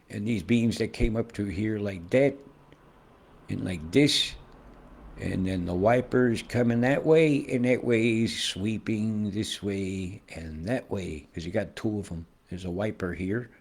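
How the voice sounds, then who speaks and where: Gravelly, low-voiced man rambling. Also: darkish tone. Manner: conspiratorial, profane, pointing things out on screen. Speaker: weather vlogger. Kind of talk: rambling screen walkthrough.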